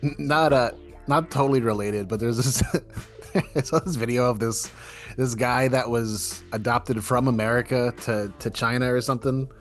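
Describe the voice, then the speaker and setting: A man's voice: mid-range voice, steady tone, moderate pace, faint music behind. A man guest on a podcast, speaking in a laid-back way with dry humor. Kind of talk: casual podcast chat.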